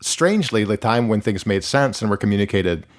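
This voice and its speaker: A man's voice: fairly low pitch, animated, a little fast. A man in his forties from Michigan, a musician guest talking casually in an interview, rambling with lots of "like" and restarts. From Michigan, USA. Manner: rambling, heavy use of "like", frequent restarts.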